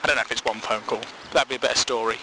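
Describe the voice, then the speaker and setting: A man's voice: mid-range voice, steady tone, rapid-fire, pushed and bright, slight background noise, low-quality recording. A man hosting a comedy podcast, riffing sarcastically and incredulously on an odd news story. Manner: sarcastic, incredulous, swearing asides.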